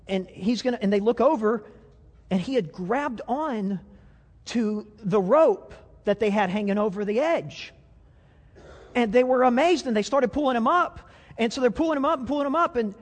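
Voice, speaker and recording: A man's voice: sits high, moderate pace. A man preaching a conversational sermon, self-deprecating and full of restarts, to a congregation. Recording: long reverb of a hall.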